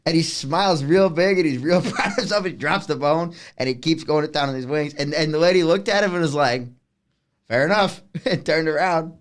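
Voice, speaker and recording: A man in his twenties co-hosting a podcast, retelling a bar story in animated casual chat with frequent laughs. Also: a little high, brisk, few pauses. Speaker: podcast co-host.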